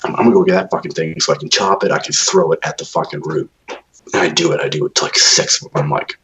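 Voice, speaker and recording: A man's voice: rumbling low, quick pace, a bit bright, a little hiss or hum, poor audio. A man co-hosting a podcast, telling rambling, profanity-laced stories in casual chat. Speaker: podcast co-host.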